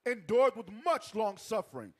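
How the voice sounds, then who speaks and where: A man's voice: high-pitched, very animated, normal speed. A man in a Bible class politely taking his turn to read scripture aloud. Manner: polite, answers yes sir. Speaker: student reader.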